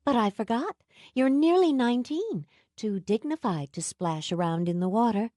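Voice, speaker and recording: A woman reading an audiobook, voicing a trusting young woman in love who speaks softly, sometimes in a breathy murmur. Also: on the high side, animated, normal speed, no echo, studio quality, voice pushed up, lightly acted. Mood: teasing.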